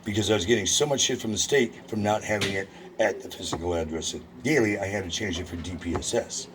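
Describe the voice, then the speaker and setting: A man's voice: fairly low pitch, quick pace, background noise. A man at a government office counter and on the phone, ranting and swearing in a heated confrontation. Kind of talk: angry confrontation and phone call. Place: social security office in a federal building.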